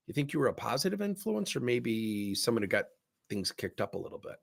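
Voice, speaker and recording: A man's voice: mid-range voice, brisk, creaky. A middle-aged man, a leadership coach, telling workplace stories on a livestream and acting out both sides of each conversation. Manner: animated storyteller, acts out both sides of conversations. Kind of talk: livestream talk with acted anecdotes.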